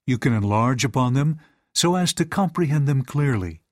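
A man reading lesson material and quotations aloud in an even, measured way. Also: mid-range voice, no room sound, studio quality. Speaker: reader of a teaching manual.

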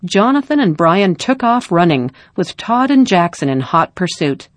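A woman reading a story aloud in a calm, measured narration. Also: lowish voice, dry recording.

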